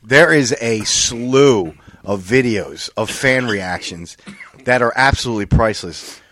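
A man's voice: mid-range voice, a little slow. A man hosting a podcast, telling funny stories in a casual, profane way and acting out what people said. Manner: animated, profane storytelling with acted-out quotes. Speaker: podcast host. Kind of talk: casual chat.

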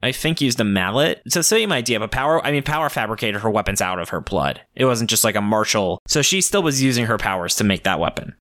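A man co-hosting a podcast in casual chat, relaxed and matter-of-fact with some joking. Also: lowish voice, fast, hardly any pauses, no echo, studio quality. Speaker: podcast co-host.

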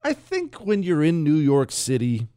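Animated, combative male talk radio host. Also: fairly high pitch, measured pace, dry recording, clean studio sound. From United States. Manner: combative, sarcastic, rambling with restarts. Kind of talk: opinionated talk radio monologue. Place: radio studio.

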